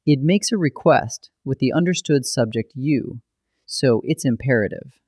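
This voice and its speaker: A man narrating a scripted grammar lesson, explaining rules in a steady, methodical way. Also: medium pitch, normal speed, dry recording, studio quality. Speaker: grammar teacher.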